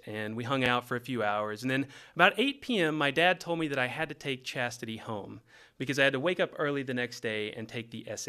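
A middle-aged man from Texas telling a comedic story from his teenage years with a wry, animated delivery. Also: mid-range voice, smooth.

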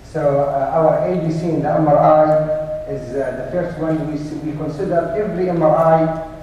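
A middle-aged man giving a medical lecture as a neurologist, halting with many fillers and dry jokes. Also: a little high, fairly even intonation, warm tone, lo-fi sound. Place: large lecture hall. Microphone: room mic, often away from it. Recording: echoey hall from far off, faint noise.

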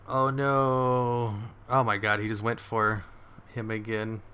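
Bright-voiced excitable gamer man. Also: fairly low pitch, slow, clear, resonant tone. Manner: excitable, swears, laughs often. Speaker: gaming streamer. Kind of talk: live game commentary.

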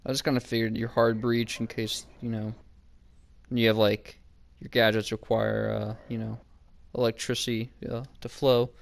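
A man's voice: mid-range voice, flat delivery, moderate pace, vocal fry. A man playing a video game, talking strategy with his teammate over a headset, with now and then a frustrated outburst. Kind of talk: team voice chat during play.

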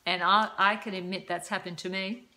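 Chatty older woman with a bright voice. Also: medium pitch, fairly even intonation, normal speed. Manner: chatty, laughs often, self-deprecating. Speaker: vlogger giving dating advice. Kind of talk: casual chat to camera.

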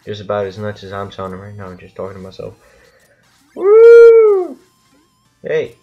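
A man's voice: lowish voice, monotone, fast talker, lo-fi sound, faint music behind. A man rambling and swearing through casual gameplay commentary, with lots of restarts. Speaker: gaming channel host.

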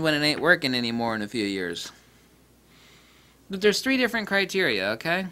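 A man with a bright, forceful, somewhat high voice rants bluntly about camera lenses. He is profane and mocking, swinging from low grumbles up to loud, high-pitched outbursts. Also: big pitch swings, moderate pace. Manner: dramatic swings in pitch and loudness. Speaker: camera lens reviewer. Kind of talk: casual opinionated rant.

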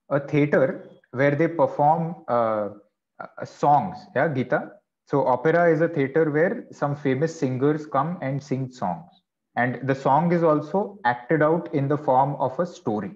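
A man's voice: mid-range voice, highs cut off. A man teaching vocabulary in an online class, explaining patiently with chatty asides. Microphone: video call.

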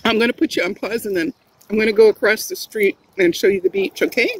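A woman's voice: mid-range voice, fast, husky, low-quality recording. A middle-aged woman, chatting casually while eating on camera, giggling often and rambling. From Hawaii. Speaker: vlogger. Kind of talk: casual mukbang vlog. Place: home, then in a car.

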